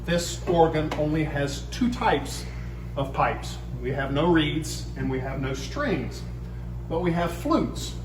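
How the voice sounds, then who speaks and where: A man's voice: fairly high pitch, animated, slow, background noise. Man explaining an organ in echoey chapel. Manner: patient, step-by-step explaining. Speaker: church organist. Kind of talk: explanatory demonstration. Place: small church chapel by the organ.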